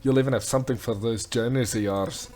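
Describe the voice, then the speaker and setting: A man voicing a boisterous old sailor turned blacksmith, gruff and hearty, with a put-on pirate-Scottish accent. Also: medium pitch, steady tone, brisk, mellow, slight background noise, natural voice.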